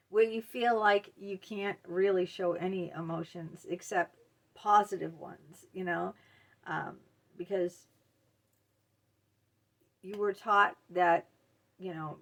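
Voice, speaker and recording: A middle-aged woman hosting a mental health video, speaking candidly and emotionally to camera, halting often with fillers. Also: on the low side, a bit bright. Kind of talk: personal talk to camera.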